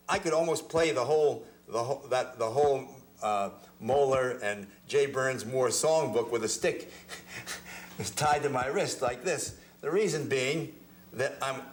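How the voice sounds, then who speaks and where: A man's voice: medium pitch, a little slow, echoey room, a little hiss or hum. A man giving a hands-on drum lesson, explaining technique step by step and often repeating words as he demonstrates. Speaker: drum teacher. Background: drum hits between phrases.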